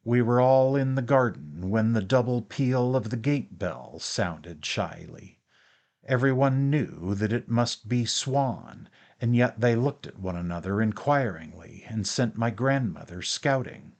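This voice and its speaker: A man reading a classic novel as an audiobook narrator, in a measured, even way through long sentences. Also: medium pitch.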